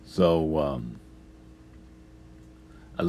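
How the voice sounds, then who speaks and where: A man's voice: rumbling low, unhurried, a little mellow, breathy edge. A man telling a rambling, profane story about past jobs, full of fillers and chuckles. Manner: profane, laughs often, trails off with fillers.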